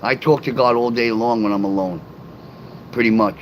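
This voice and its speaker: Middle-aged man, livestream host, loose rambling delivery, answers his chat out loud, faint hum underneath. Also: mid-range voice, normal speed, rough recording. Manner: rambling, talks straight to chat viewers; reads and answers live comments aloud.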